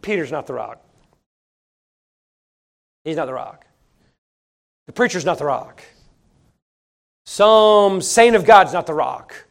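A man preaches a sermon in an animated, emphatic, folksy style, repeating phrases and swinging suddenly between loud and soft. His voice is a little high and has vocal fry, and he speaks slowly with frequent pauses.

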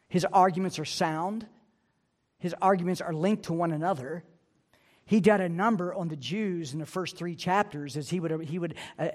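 A male pastor preaching a sermon, earnest and emphatic, repeating key phrases to drive a point home. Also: fairly high pitch.

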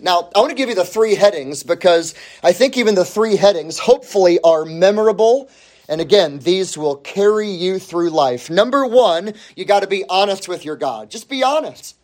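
A man's voice: sits high, darkish tone. A man preaching a sermon as pastor, emphatic and repeating his key phrases for weight.

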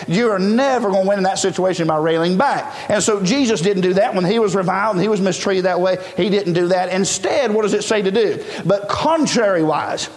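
A man preaching a sermon in a conversational way, full of fillers, now and then rising to a shout. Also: sits high, big-room sound.

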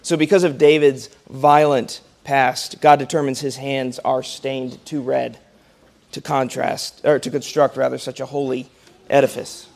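A man teaching a Sunday school Bible class, often checking in with the group with "okay?" and "right?" and clearing his throat now and then. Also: medium pitch, flat delivery, measured pace, darkish tone.

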